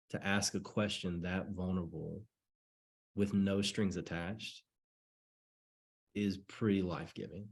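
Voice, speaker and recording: A man with a low, somewhat husky voice talks through sales coaching on a call. He rambles in a friendly, repetitive way and slips into little acted-out conversations. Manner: chatty, repetitive, acts out sample dialogues. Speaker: network marketing coach. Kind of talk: casual coaching talk on a call.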